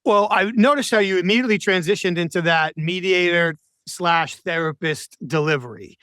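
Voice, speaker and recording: A male podcast host speaks in a high, crisp voice that sounds dry and close, with no room sound. He muses aloud in a reflective, tentative way, working through his thoughts before he asks his guest a question. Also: moderate pace, bright, forceful tone, dry recording. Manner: reflective, hedging with "I feel like". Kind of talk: podcast interview, conversational. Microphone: remote call with a mute button.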